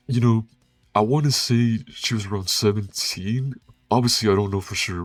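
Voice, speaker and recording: A man's voice: low-pitched, dry recording. A young man, a pizza delivery driver, telling a casual first-person story in a laid-back, slangy way with plenty of swearing.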